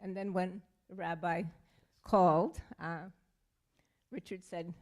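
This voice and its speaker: An older woman with a fairly low voice tells a family story from the front of a synagogue sanctuary. She speaks in a heartfelt, halting way, pausing often and using fillers as she goes. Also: steady tone. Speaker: congregant sharing a family story. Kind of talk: personal storytelling at a service.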